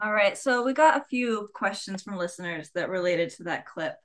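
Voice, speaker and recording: A woman's voice: mid-range voice, animated, moderate pace, fairly bright tone. A woman co-hosting a podcast, reading out listener questions and reacting casually. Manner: casual, conversational.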